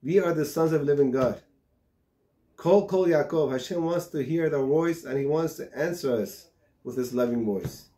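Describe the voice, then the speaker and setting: Impassioned rabbi, fairly high voice. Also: male voice, moderate pace. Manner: impassioned, builds to shouting; tells parables with acted-out dialogue. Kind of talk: sermon.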